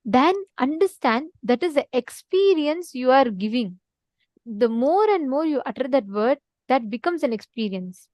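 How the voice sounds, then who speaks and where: A woman's voice: sits high, animated, a little slow, darkish tone, no echo. A woman giving an online spiritual teaching, earnest and repeating key points, now and then asking listeners to respond. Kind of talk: online teaching session with a story.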